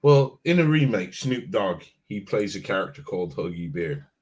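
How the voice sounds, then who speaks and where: A man's voice: low-pitched, moderate pace, breathy edge. A man hosting a casual live stream, talking animatedly and repeating himself as he gathers his thoughts. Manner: animated, repeats words, laughs easily. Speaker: host.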